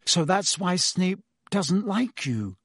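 A man voicing a slow, thoughtful teenage boy. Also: high voice, big pitch swings, a bit bright, no room sound, clean studio sound, voice pushed up, exaggerated voice. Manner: slow, working things out. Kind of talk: audiobook character reading.

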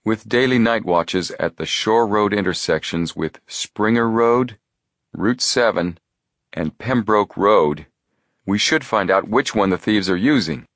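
A man voicing a calm, methodical teenage detective boy who explains his reasoning in a measured way. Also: lowish voice, dry recording, studio quality, voice pushed up.

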